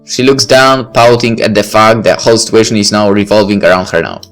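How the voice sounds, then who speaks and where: A man with a lowish voice reads a visual novel aloud in the first person. He slips into relaxed, offhand asides between passages. Quiet music plays faintly underneath. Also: a little fast. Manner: casual asides between narration. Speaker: let's play reader.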